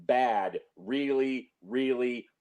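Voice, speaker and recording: A man's voice: mid-range voice, extremely slow, a little mellow, clear, resonant tone. A man reviewing films in casual chat, opinionated, stumbling over restarts and fillers. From San Francisco Bay Area. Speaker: film reviewer.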